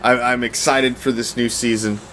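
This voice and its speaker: A man's voice: mid-range voice, flat delivery, normal speed, a bit bright, slight background noise. A man hosting a fan sports show, ranting in a heated, sarcastic and profane way, with loose stumbling restarts. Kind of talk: casual ranting commentary.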